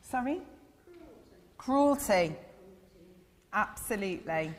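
A woman giving a gentle children's sermon in church, asking her listeners questions as she goes. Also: mid-range voice, expressive, takes it slowly. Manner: gentle, asks the audience questions. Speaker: church speaker giving an all-age talk. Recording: long reverb in a big hall.

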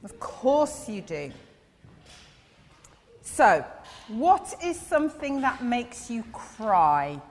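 A woman giving a gentle children's sermon in church, asking her listeners questions as she goes. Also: on the high side, big pitch swings, extremely slow, long pauses. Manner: gentle, asks the audience questions. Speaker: church speaker giving an all-age talk. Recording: long reverb in a big hall.

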